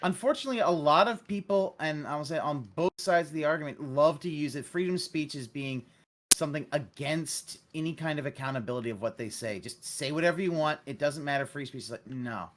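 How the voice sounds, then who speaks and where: A person chatting casually on a stream, halting and repeating words. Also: medium pitch, a little hiss or hum. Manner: halting, stammering. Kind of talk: casual chat.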